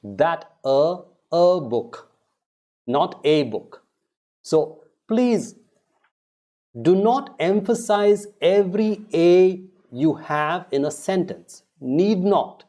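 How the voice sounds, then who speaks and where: A man teaching English pronunciation, saying each word slowly and repeating it for practice. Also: sits high, animated, warm tone. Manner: slow, drawn-out, repeating words for practice. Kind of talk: pronunciation lesson.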